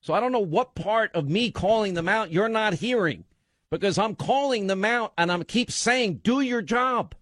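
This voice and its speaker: A middle-aged man hosting a call-in radio show from a studio, talking in a forceful, frustrated way. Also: sits high, expressive, moderate pace, no echo. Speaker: radio talk show host.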